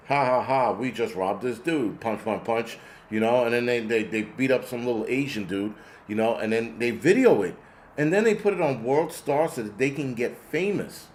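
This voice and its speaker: A man hosting a show, ranting bluntly and sarcastically with plenty of profanity while answering viewer comments. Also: medium pitch. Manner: sarcastic, exasperated. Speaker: host. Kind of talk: ranting commentary reading chat.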